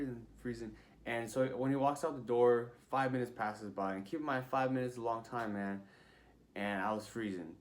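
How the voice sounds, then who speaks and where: A man's voice: mid-range voice, normal speed. A young man telling a story in a casual vlog, chatty and full of fillers, acting out what people said. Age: young adult. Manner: chatty, many fillers, acts out quotes. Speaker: vlogger.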